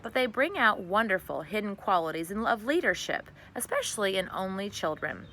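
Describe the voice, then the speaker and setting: A woman reading aloud a storybook, voicing a kindly, wise older woman who explains things gently and reassuringly. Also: mid-range voice, big pitch swings, fairly quick, a little hiss or hum.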